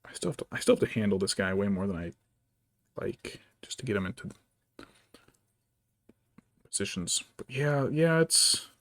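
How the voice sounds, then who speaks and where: A man's voice: lowish voice, animated, normal speed, pauses often, fairly bright tone, no room sound. A man streaming as a vtuber, chatting casually and muttering to himself while he paints miniatures. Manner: rambling, mutters to himself, baby-talks his cat. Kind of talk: casual chat while working.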